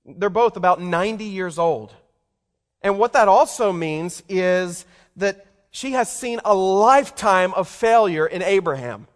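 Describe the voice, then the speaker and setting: A man's voice: high voice, lively intonation, unhurried. A man preaching a sermon in a conversational way, turning to the congregation with questions as he explains scripture. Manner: conversational, asks the listeners questions. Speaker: pastor. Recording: long hall reverb.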